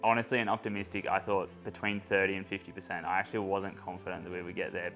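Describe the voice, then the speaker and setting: A man's voice: deep voice, flat delivery, fast, fairly bright tone, faint music behind. A man explaining a running strategy step by step in a casual interview. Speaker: runner and narrator.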